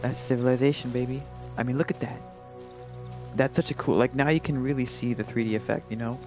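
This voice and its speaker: Gravelly laid-back gaming streamer. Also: male voice, medium pitch, steady tone, brisk. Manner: laid-back and rambling, full of "like" and "you know". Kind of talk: casual live gameplay commentary. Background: game music.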